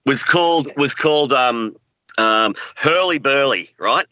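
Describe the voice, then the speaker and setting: A man's voice: medium pitch, expressive, a little slow, sharp tone, no echo, dull audio. A middle-aged Australian man, a voice actor guest, talking earnestly in a rambling, filler-heavy way. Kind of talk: casual interview chat.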